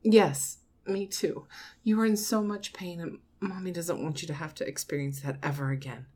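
A woman playing a soft, doting mother. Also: fairly low pitch, steady tone, husky. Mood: soothing. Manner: soft, coaxing, slow, with frequent nervous laughs. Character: doting middle-aged mother talking to her grown son. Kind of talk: audio role-play.

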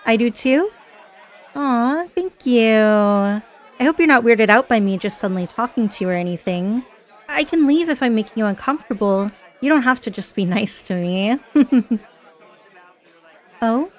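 A woman playing a chatty, giggly party girl. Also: on the high side. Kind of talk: scripted audio role-play.

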